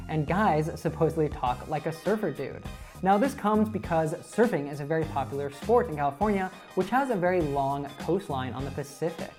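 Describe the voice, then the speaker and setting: A woman narrating a scripted lesson on American accents in a clear, upbeat, explanatory way. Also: low-pitched, a little mellow. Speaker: accent teacher.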